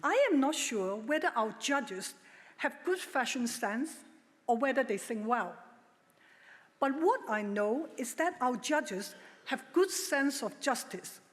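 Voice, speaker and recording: A middle-aged woman giving a formal prepared speech at a legal ceremony, measured and emphatic with a touch of dry humor. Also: on the high side, animated. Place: large ceremonial hall. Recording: long hall reverb.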